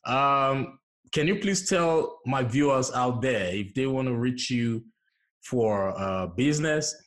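Man hosting with halting questions. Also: medium pitch, expressive. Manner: brief affirmations, halting questions. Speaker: host. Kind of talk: casual interview.

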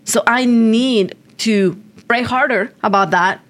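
A woman's voice: on the high side, takes it slowly, fairly bright tone. A woman who is a pastor, talking earnestly in a casual podcast conversation and often repeating words as she restarts.

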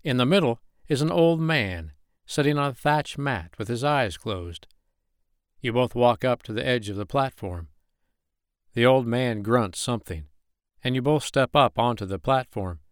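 A man narrating a second-person erotic audio story with slow, steady storytelling. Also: mid-range voice, dry recording, studio quality.

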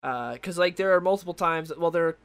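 Young guy rambling about comics, slightly high voice, lots of likes and ums. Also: fairly quick, a bit bright, clean tone. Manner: rambling, many fillers and restarts. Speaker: comic book reviewer. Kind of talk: casual chat.

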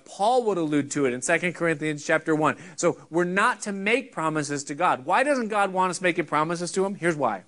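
A middle-aged pastor delivers a sermon in an earnest, conversational teaching manner, often pausing. His voice is fairly high for a man and sounds bright and forceful. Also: expressive.

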